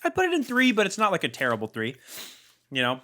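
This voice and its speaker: Young male co-host, bright and animated, easygoing and detail-minded in a casual snack chat. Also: sits high, fast. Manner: descriptive, easygoing, notes details. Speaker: podcast co-host. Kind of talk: casual chat, food tasting review.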